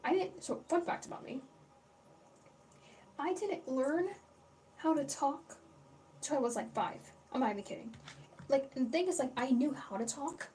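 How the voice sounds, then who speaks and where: A woman's voice: high voice, animated, a little slow, long pauses, darkish tone, recorded from a distance. Young woman livestreaming from home, rambly and sweary, sits back from the mic with faint noise behind her. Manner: rambling, chatty, swears freely, greets chat. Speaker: livestream host. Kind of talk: casual livestream chat.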